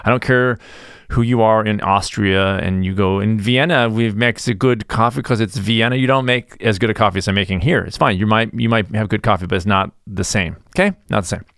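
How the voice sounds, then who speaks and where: A man's voice: fairly low pitch, fairly quick, fairly bright tone, clear, resonant tone, no room sound, clean studio sound. A middle-aged man hosting his own podcast, talking in a rambling, jokey way with mock-defensive asides. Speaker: podcast host. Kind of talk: casual solo podcast monologue.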